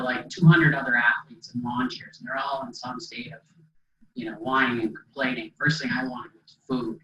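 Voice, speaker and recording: A man's voice: medium pitch, bright, forceful tone, a little hiss or hum. A middle-aged man speaking to an audience as a motivational speaker, telling a personal story in a conversational way, with fillers and acted-out quotes. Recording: dull echoey hall sound from a distance.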